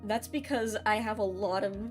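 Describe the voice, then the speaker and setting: A woman's voice: mid-range voice, normal speed, faint music behind. Chatty Southern woman streamer. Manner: chatty, laughs often, switches between reading and chatting. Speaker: streamer voicing a game. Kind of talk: casual live-stream reading with chat.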